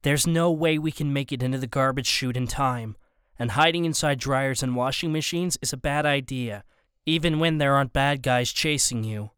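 A male audiobook narrator reading a first-person story in a steady, even voice. His tone is smooth and resonant, pitched in a plain middle range. The recording is close and bone-dry. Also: moderate pace, no echo.

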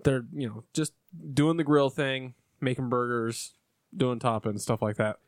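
Casting: young adult guy, mid pitch, rambling storyteller with lots of restarts, dry close recording. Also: steady tone, unhurried, dry recording. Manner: rambling, restarts, swears casually, voices his pets. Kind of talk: casual chat, storytelling.

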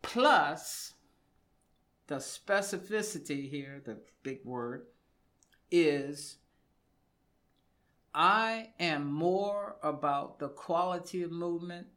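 A man's voice: fairly high pitch, animated, takes it slowly, long pauses, a bit bright. A man, a fitness coach and studio guest, explaining exercise in casual radio talk and repeating words for emphasis.

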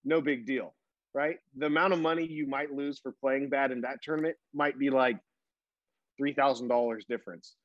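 A man co-hosting a golf podcast, laying out his views in measured casual chat. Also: mid-range voice, fairly even intonation, dry recording, lo-fi sound. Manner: measured, reasoning out his opinion. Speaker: podcast co-host.

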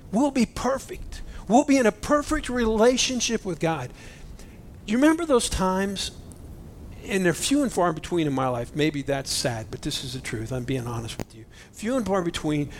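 A man preaching a sermon, animated and emotional, swinging between loud exclamations and hushed near-whispers. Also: sits high, slight background noise. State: choked up with emotion. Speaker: pastor.

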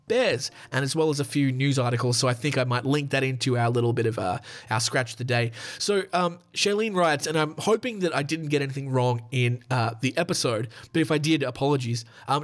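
A man's voice: mid-range voice, fairly bright tone. A man hosting a podcast in a chatty, rambling monologue, with frequent fillers and restarts. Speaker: podcast host.

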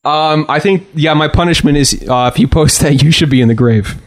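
A man's voice: fairly high pitch, brisk. A man joking on a casual podcast, giggling and drawing out his words. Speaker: podcast co-host.

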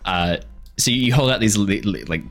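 A man narrating as game master, animated and laughing as he voices figures. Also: lowish voice, moderate pace, faint music behind.

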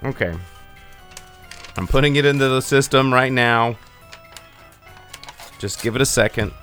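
A man's voice: mid-range voice, measured pace, fairly bright tone, soft background music. A young man hosting a podcast, ranting sarcastically in casual chat and swearing freely. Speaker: podcast host.

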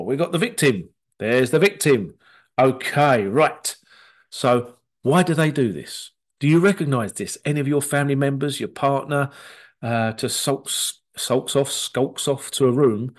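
A man giving a casual spoken talk on relationship patterns, with frequent ums, asides and short acted-out quotes. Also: mid-range voice. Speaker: relationship coach.

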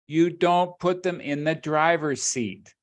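A man's voice: fairly high pitch, takes it slowly. A middle-aged man co-hosting a podcast, speaking earnestly and reflectively in casual conversation, with sayings and analogies. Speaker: podcast co-host.

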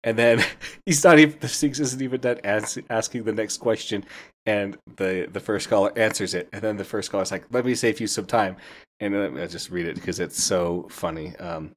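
A man with a low, deep voice hosts a book podcast. He talks through a spoiler review in a loose, chatty way. He laughs at the funny parts and slips into quoted lines from the characters. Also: steady tone, normal speed.

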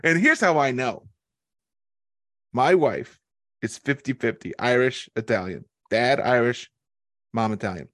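A man's voice: medium pitch, expressive, measured pace, long pauses, fairly bright tone, no room sound. A man, a podcast co-host, telling a rambling anecdote in casual chat.

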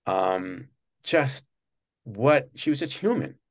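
A man being interviewed, telling long, rambling stories about his work at a TV studio and breaking into quick impressions of people. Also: medium pitch. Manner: rambling, many restarts, animated when mimicking others. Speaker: guest recalling work at a TV studio. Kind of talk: casual interview storytelling.

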